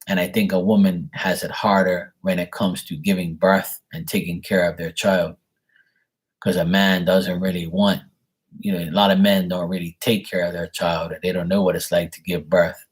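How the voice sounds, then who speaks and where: A man's voice: low-pitched, level tone, normal speed, breathy edge. A man chatting casually on a live stream, giving tarot readings for viewers' paid questions. He rambles loosely and bluntly, swears freely, and leans on fillers and restarts.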